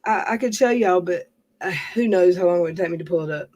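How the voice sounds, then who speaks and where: A woman's voice: on the low side, quick pace, a little mellow. A woman hosting a casual livestream, chatting in a rambling way and laughing often. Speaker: livestream host.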